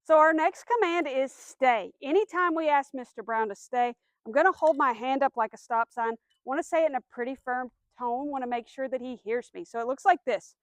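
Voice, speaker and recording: A woman with a fairly high voice runs an outdoor dog training lesson. She explains each step plainly and gives commands in a firm tone. The sound is dry and close. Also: a little fast, hardly any pauses, dry recording. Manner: clear instructional, firm commands, soft praise to dog.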